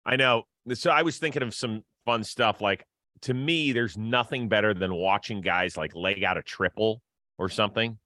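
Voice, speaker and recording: A man with a fairly low voice hosts a sports podcast in a chatty, upbeat way. His voice sits close to the mic, dry and without room echo. He laughs easily between points. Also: moderate pace, bright, forceful tone. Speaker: podcast host. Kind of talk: casual sports talk.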